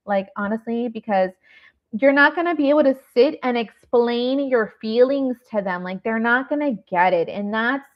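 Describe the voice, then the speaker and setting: A woman's voice: on the high side, normal speed. A woman hosting a grief masterclass as a nurse, talking in a raw, rambling, heartfelt way with lots of fillers. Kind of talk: candid live online talk. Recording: dull lo-fi stream audio.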